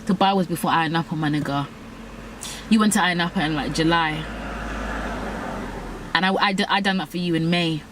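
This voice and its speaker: A woman's voice: on the low side, normal speed, long pauses, background noise. A young woman telling a candid story, blunt, profane and self-mocking. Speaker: vlogger.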